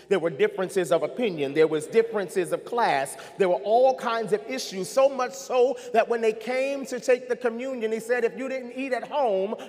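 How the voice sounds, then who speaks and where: A man preaching a sermon as pastor, calling on the congregation to respond and swinging between soft passages and rising intensity. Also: high-pitched, long reverb tail. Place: church sanctuary.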